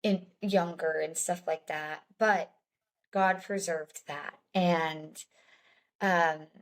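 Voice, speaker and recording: A woman's voice: on the low side, fairly even intonation, slow. Young woman guest, candid storyteller, chatty with small laughs. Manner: chatty, many "like"s, laughs between lines.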